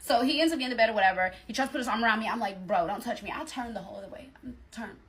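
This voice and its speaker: A woman's voice: a little high, racing, a bit bright. A woman telling a personal story in casual storytime style, talking straight to her listeners with lots of emphasis.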